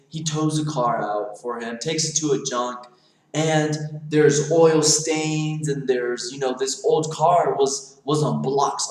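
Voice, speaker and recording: A man telling a motivational story and acting out the dialogue as he goes. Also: fairly high pitch. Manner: animated, acts out dialogue in the telling. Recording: very echoey room.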